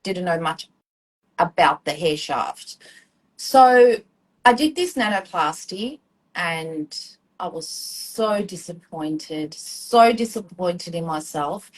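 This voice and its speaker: A woman's voice: fairly low pitch, poor audio. A woman in her forties with an Australian accent, a hairdresser telling her story in a chatty, rambling way full of ums and acted-out quotes during a live-stream chat. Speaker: hairdresser and student guest.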